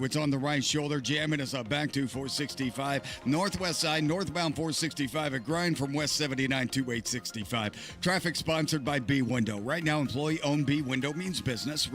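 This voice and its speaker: A man giving a radio traffic report in a brisk, clipped, matter-of-fact read. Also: mid-range voice, a bit bright.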